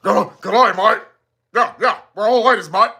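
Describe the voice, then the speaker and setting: A man voicing a huge, cheerful Australian trans woman in a loud, chirpy put-on voice that keeps saying "mate". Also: sits high, normal speed, gravelly, voice pushed up, full character voice.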